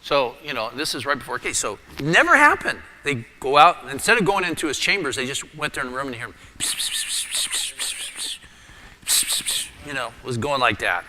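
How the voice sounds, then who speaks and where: A middle-aged man preaching a sermon as a pastor, telling a personal story with lively energy and dropping his voice low for prayer. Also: quick pace, few pauses, slight background noise. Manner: animated storyteller, drops to a hushed voice for prayer. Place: church sanctuary. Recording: long church reverb.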